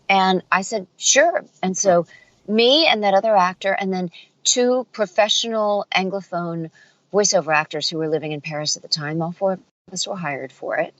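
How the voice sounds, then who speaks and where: A woman's voice: mid-range voice, normal speed, highs cut off. A middle-aged woman voice actor and dialect coach telling stories in a casual interview, acting out the voices she quotes. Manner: animated storyteller, acts out quoted voices.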